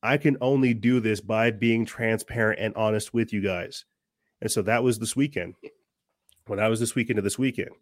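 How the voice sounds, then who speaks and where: A man's voice: fairly low pitch, moderate pace, no echo, studio quality. A man hosting his own podcast, delivering an earnest, fiery, preachy monologue full of restarts. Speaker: podcast host. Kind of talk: impassioned monologue.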